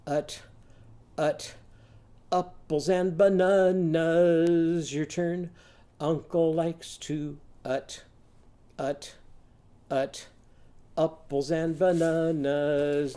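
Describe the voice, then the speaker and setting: A teacher leading a children's phonics lesson in an unhurried, sing-song way, stretching out every vowel. The voice is soft and mellow, never sharp. The delivery is a patient call-and-response chant. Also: medium pitch.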